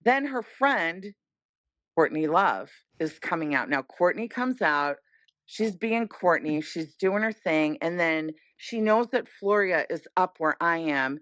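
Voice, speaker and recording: A middle-aged woman tells a story on a podcast, excited and acting out the people she quotes. Her voice sits a little low. The recording is close and dry, with no room sound. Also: slow, no echo. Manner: animated, acts out quoted voices. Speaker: podcast guest. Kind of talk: casual storytelling chat.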